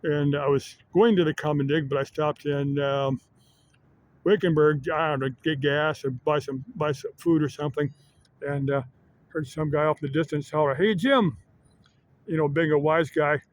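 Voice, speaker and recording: Rambling man, slightly high voice. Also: flat delivery. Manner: rambling, halting, many filler pauses. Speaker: vlogger. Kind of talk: casual rambling monologue. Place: Arizona.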